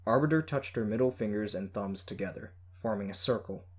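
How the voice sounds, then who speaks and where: A man reading a first-person story in a steady, measured way. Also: lowish voice. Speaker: audiobook narrator. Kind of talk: scripted first-person narration.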